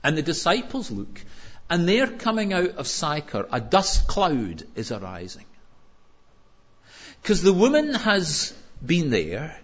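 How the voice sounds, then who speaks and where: Husky, lively male preacher. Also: fairly high pitch, takes it slowly, muffled recording. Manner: lively, conversational storytelling with humor. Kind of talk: sermon.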